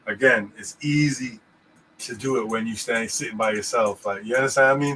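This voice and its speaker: A man's voice: medium pitch, a little fast, a bit bright, slight background noise, rough recording. A man co-hosting a casual podcast about scripture, rambling and checking in with "you know what I'm saying". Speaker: podcast host.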